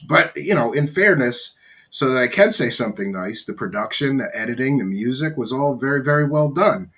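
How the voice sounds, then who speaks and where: A man with a slightly hoarse voice from a cold, hosting a casual spoken review, opinionated and blunt, with many pauses and fillers. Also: medium pitch, expressive, a bit bright. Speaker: show host reviewing a documentary.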